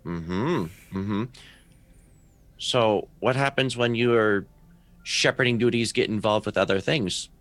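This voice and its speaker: A man's voice: fairly low pitch, takes it slowly, fairly bright tone. A man voicing a cryptic mentor mage in a tabletop role-play, who lectures and trails off mid-thought.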